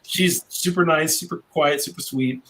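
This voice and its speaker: A man's voice: a little high, normal speed, fairly bright tone, low-quality recording. A brash middle-aged man, a cigar maker guesting on a podcast, telling a long rambling story in casual chat.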